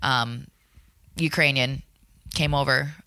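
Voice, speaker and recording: A woman telling a story as a podcast guest, acting out the people she quotes with lively shifts of voice. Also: very deep voice, takes it slowly, no room sound. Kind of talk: animated storytelling.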